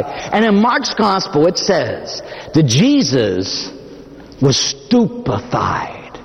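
A man, a Catholic priest, preaching a dramatic sermon, swinging between loud emphatic passages and hushed, drawn-out phrases. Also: fairly high pitch, sing-song, vocal fry. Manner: dramatic, impassioned preaching with sudden swells to shouting and drops to near-whisper. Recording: long hall reverb.

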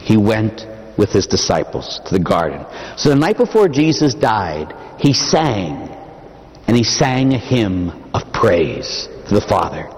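A man, a Catholic priest, preaching a dramatic sermon, swinging between loud emphatic passages and hushed, drawn-out phrases. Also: on the low side, very animated. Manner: dramatic, impassioned preaching with sudden swells to shouting and drops to near-whisper. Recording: long hall reverb.

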